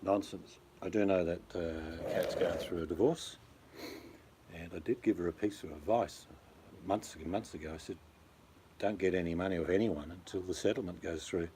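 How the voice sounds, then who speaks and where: A man's voice: low-pitched, fairly even intonation, moderate pace, dark tone, slight background noise. An Australian man chatting casually on a livestream, rambling and blunt, talking to viewers by name. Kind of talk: casual chat.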